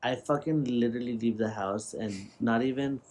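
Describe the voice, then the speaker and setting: A man's voice: mid-range voice, normal speed, a little mellow. A man co-hosting a podcast, talking bluntly and swearing freely in casual chat. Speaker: podcast co-host.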